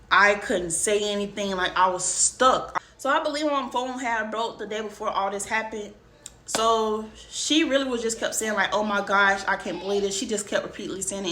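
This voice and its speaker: A woman's voice: medium pitch, sharp tone. A young woman vlogger casually telling a personal story, talking emphatically straight to her viewers. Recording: roomy room, faint background noise.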